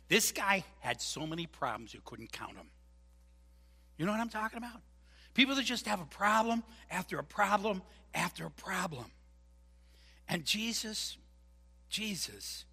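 Lively bright-voiced pastor guy preaching, bit husky, big echoey church hall. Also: fairly high pitch. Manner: animated, jokey, acts out voices. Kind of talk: sermon.

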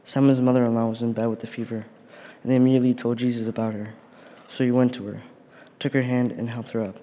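A man's voice: medium pitch, little pitch movement, fast, dark tone, big-room sound. A man reading a gospel passage aloud in church. He reads steadily and carefully, with occasional restarts. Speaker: scripture reader.

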